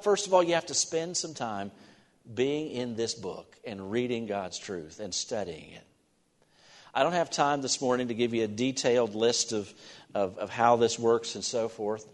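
A man preaching a sermon in a church, earnest and halting, with restarts as he talks. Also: fairly low pitch. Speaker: pastor. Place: church sanctuary. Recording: long hall reverb.

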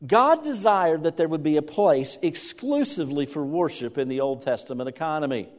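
A man's voice: a little high, expressive, moderate pace. A middle-aged man preaching a sermon, talking conversationally and acting out the voices of worried parents. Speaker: pastor. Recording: long reverb of a church hall.

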